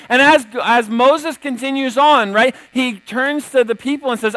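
A man's voice: extremely high pitch, normal speed, few pauses, fairly bright tone, dry recording, poor audio. A man preaching a sermon in a casual, conversational way, often checking in with "right?" and retelling scripture stories with energy. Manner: conversational, tags many points with "right?". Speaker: pastor.

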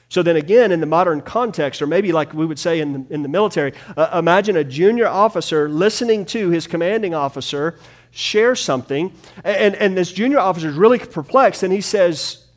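Animated male preacher, lively pitch. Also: fairly quick. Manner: animated preaching, swinging from hushed to loud. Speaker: pastor. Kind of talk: sermon. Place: room with a small in-person congregation.

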